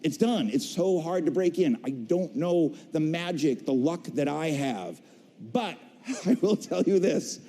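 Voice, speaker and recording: Animated man storytelling on a big stage. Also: fairly high pitch, unhurried. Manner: animated storyteller, acts out voices and jokes. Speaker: voice actor telling his career story. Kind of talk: stage talk to a convention audience. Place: large convention hall stage. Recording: long hall reverb.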